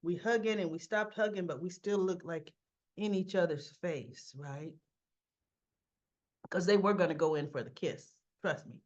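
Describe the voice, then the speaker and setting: A woman casually recapping a soap opera episode, acting out the characters' lines, with a cough and frequent throat clearing. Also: on the low side, a little slow, a little mellow, muffled recording. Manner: chatty, acts out characters' lines in quotes.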